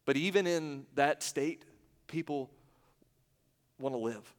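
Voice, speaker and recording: A pastor preaching a morning sermon with dramatic swings between loud emphasis and hushed, slow passages. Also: male voice, fairly high pitch, big-room sound.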